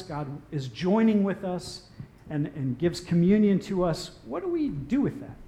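High-voiced pastor preaching playfully. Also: male voice, darkish tone. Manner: playful, jokey asides between earnest points; repeats key phrases for emphasis. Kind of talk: conversational sermon.

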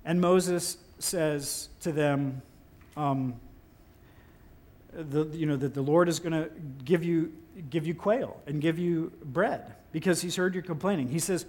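High-voiced man preaching playfully. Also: normal speed. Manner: conversational and playful, with exaggerated incredulous outbursts. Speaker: pastor. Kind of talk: sermon.

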